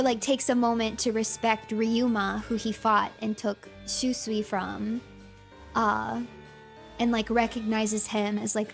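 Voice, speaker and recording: A fairly high-voiced woman gives excitable livestream commentary, gushing and laughing as she talks, with plenty of "like" and "um". Soft music plays quietly behind her. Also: vocal fry. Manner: excitable and gushing, laughs often, many fillers. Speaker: streamer.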